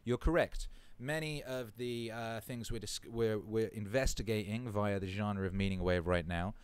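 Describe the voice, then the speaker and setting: Low, crisp-voiced man hosting a live stream. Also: moderate pace. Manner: laid-back, swears freely, chants a warm-up. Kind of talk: casual live-stream chat reading comments.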